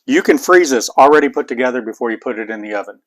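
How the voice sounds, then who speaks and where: A man's voice: medium pitch, animated, quick pace. A middle-aged man with an Appalachian accent, chatting casually to viewers as host of his home cooking channel. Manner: chatty, rambling, folksy. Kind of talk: casual cooking vlog talk. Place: home kitchen.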